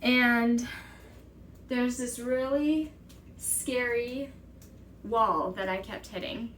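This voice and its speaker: A young woman's high-ish, fairly bright voice stays fairly even in intonation, with a little hiss or hum in the audio. Telling a personal story to camera, she sounds urgent and exasperated and quotes others in quick dialogue.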